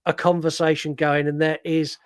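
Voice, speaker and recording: A man with a London accent co-hosting a film podcast, retelling scenes with lively acted-out quotes and casual swearing. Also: fairly high pitch, moderate pace, smooth, no echo, clean studio sound. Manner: animated storyteller, acts out quotes, swears casually. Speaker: podcast co-host. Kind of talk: casual film review chat.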